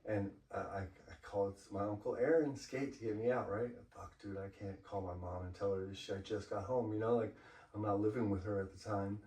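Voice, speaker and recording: Guest graffiti writer from LA, loose and profane storyteller, heard from across a roomy space. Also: male voice, fairly low pitch, steady tone, fairly quick, a little mellow. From Los Angeles. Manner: profane, laid-back storytelling with frequent "you know". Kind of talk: casual storytelling interview. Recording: roomy, mic far off.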